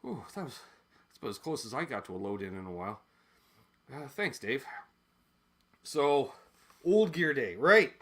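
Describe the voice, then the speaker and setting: A man's voice: mid-range voice, sing-song, moderate pace, pauses often, a bit bright. A man from Canada chatting casually while unboxing old music gear, rambling, joking and swearing, and often drifting from the mic as he moves around. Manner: rambling, jokey, swears freely, voices quoted people. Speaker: gear vlogger.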